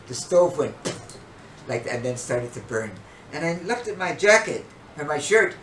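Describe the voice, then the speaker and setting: Older guy hosting a podcast, big animated storyteller, roomy far-off sound. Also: on the high side, normal speed. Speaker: podcast co-host. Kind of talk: storytelling in casual chat. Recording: echoey room, distant mic, faint noise.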